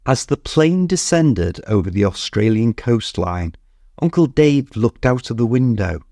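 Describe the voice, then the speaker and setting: A man with a British accent reading a story clearly and steadily for English learners. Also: medium pitch, warm tone, dry recording, clean studio sound. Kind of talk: scripted narration.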